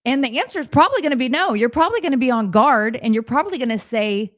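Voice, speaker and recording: A woman's voice: sits high, sing-song, fast talker, few pauses, no room sound, clean studio sound. A woman in her forties hosting a podcast, speaking to listeners in an earnest, encouraging coaching talk from a home office.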